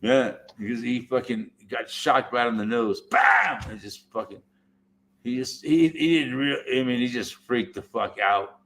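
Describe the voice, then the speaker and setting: A man in casual chat, telling a rambling story, swearing heavily and talking with animated energy. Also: medium pitch, moderate pace. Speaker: podcast host.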